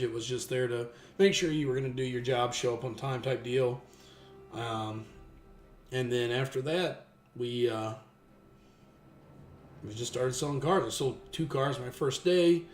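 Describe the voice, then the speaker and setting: Man, thirties, casual storyteller, mid-pitched, rambling with restarts, roomy echo with faint music behind. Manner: rambling with many restarts, animated when quoting others. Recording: echoey room with faint music.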